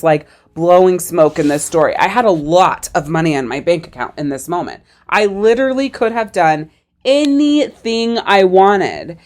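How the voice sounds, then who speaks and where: A woman hosting her own podcast as a life coach, telling a personal story in a candid, conversational way and swearing casually. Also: on the low side.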